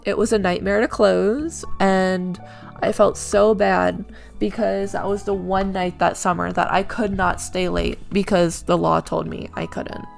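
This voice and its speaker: Young woman with a gravelly edge, chatty storytime over game footage, soft music behind. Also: mid-range voice, fairly even intonation, unhurried. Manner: chatty, with many "like"s and acted-out quotes. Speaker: gaming vlogger telling work stories. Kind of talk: casual storytime over gameplay.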